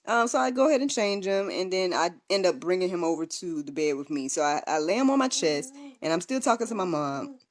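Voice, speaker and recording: A woman's voice: lowish voice, expressive, a little fast. A young woman telling a personal story in a casual livestream, chatty and full of fillers and restarts. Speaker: vlogger and podcast host.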